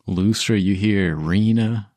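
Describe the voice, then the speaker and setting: A man narrating a tabletop role-playing game as game master, describing the scene slowly. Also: fairly low pitch, a little mellow, dry recording, clean studio sound.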